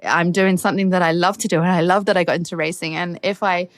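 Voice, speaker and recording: A woman's voice: lowish voice, steady tone, quick pace, no echo, studio quality. A middle-aged English woman, a racing driver, candidly telling stories in a podcast interview and laughing often. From England.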